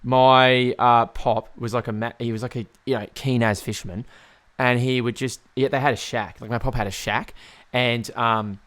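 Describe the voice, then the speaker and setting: A man's voice: medium pitch, steady tone, moderate pace, a bit bright. Male podcast host: loose, casual, rambling storyteller who swears and restarts sentences. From Tasmania, Australia.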